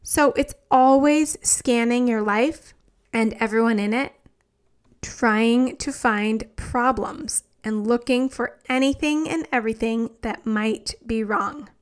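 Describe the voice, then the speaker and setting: A woman's voice: on the high side, slow, clear, resonant tone. A woman in her thirties hosting a solo podcast as a coach, chatty and enthusiastic, with lots of "like" fillers.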